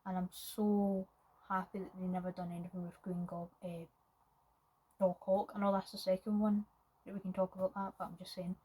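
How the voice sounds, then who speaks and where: A woman's voice: mid-range voice, level tone, normal speed, warm tone, slightly rough, poor audio. A woman giving a casual, rambling film review, full of hesitations and restarts.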